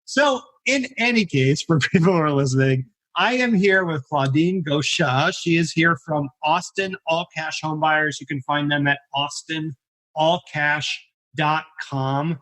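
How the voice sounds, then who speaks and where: A man's voice: on the high side, measured pace, fairly bright tone. A man hosting a podcast, chatting in an upbeat, casual way as he introduces and questions his guest. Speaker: podcast host. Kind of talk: casual interview conversation.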